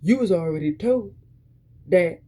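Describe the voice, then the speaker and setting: Dark-voiced woman preaching encouragement. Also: lowish voice, expressive, a little slow, slightly rough. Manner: fervent, repetitive exhorting with many restarts. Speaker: motivational speaker.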